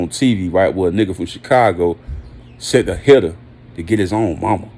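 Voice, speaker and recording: A man's voice: fairly low pitch, warm tone. A man delivering a heated, preachy vlog monologue, blunt and slangy, swearing freely and hammering short phrases. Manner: emphatic repetition of short phrases. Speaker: vlogger.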